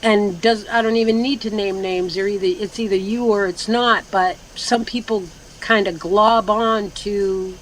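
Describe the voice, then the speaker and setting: A woman's voice: medium pitch, fairly even intonation, normal speed, hardly any pauses, low-quality recording. Woman guest talking casual, blunt and swears a lot, faint hum behind her. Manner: blunt and loose, swears freely, lots of fillers. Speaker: guest speaker. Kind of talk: casual chat.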